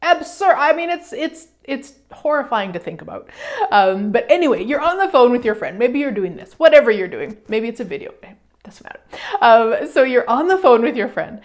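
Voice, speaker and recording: A woman hosting a self-help radio show, talking in an animated, casual way and acting out the voices she quotes, with some swearing. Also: fairly high pitch, moderate pace. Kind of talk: motivational self-help talk.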